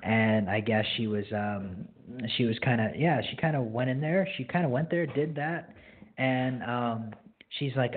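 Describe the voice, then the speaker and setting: Young guy in his 20s rambling friendly about ministry on a radio show, husky voice, sounds like a phone call. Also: mid-range voice, fairly even intonation, measured pace. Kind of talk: casual spoken testimony. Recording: phone-like lo-fi line.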